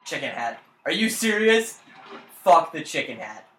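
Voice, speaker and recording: A man co-hosting a casual gaming podcast, teasing his friend, swearing often and breaking into loud laughter. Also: on the high side, big pitch swings, measured pace. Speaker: podcast co-host. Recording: echoey room, faint noise.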